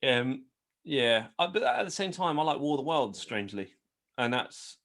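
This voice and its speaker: A man's voice: medium pitch, big pitch swings, normal speed, fairly bright tone. A man co-hosting a podcast, trading crude jokes in casual banter. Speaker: podcast co-host. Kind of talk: casual chat.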